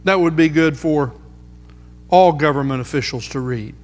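A man preaching a sermon, emphatic, slowing down to repeat key phrases for weight. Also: fairly high pitch. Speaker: pastor. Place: church sanctuary. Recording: music under voice, long hall reverb.

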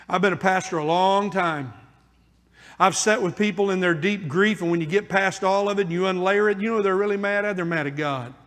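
High-voiced male pastor preaching in a reverberant hall. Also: fairly quick. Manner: preaching, drops to a hushed intense voice for pleading questions. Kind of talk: sermon.

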